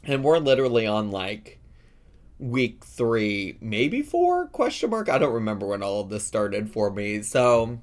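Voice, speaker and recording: A young man with a Southern Illinois Midwestern accent chatting casually in a reaction vlog, sassy and playful with big jumps up in pitch, talking around a cough drop while getting over a lingering cough. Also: wildly swooping pitch, a little slow. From Southern Illinois, USA. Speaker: YouTuber host.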